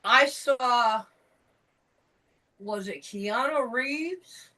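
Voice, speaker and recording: Slow-talking bright-voiced woman, set back from the mic. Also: a little high, recorded from a distance, low-quality recording. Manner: frank, emphatic storyteller. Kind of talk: casual chat.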